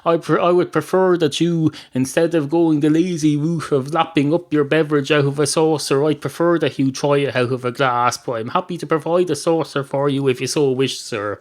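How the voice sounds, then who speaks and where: A man's voice: a little high, fairly even intonation, fairly quick, hardly any pauses, lightly acted. An Irish man voicing a polite, long-winded male barman who answers in elaborate, over-courteous sentences.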